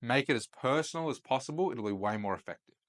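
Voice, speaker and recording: A man's voice: mid-range voice, lively intonation, fast talker. A young man hosting a casual instructional video, talking loosely and often checking in with "right?" after each point. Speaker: host and chat-sales coach. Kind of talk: casual instructional talk to camera.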